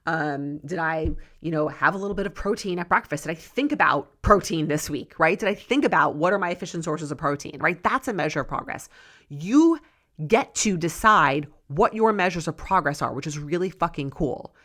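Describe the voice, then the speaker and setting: A woman in middle age hosts a solo coaching podcast, her voice sitting low. She talks earnestly and loosely, circling back on her points and checking in with her listeners with a frequent "right?". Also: lively intonation, moderate pace, a bit bright. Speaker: podcast host and weight loss coach. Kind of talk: casual solo podcast monologue.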